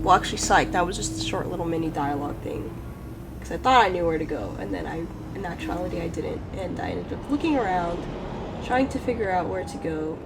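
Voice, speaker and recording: A woman's voice: fairly low pitch, noisy background. A woman hosting a let's play, narrating her playthrough in rambling, self-deprecating casual commentary. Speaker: gaming channel host.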